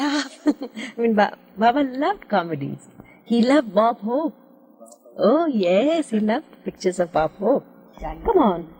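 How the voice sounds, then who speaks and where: An older woman, interviewed, slowly recounting stories in a devout storytelling manner. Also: on the high side, breathy edge. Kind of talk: recollecting in an interview. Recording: 1970s film interview with reverb.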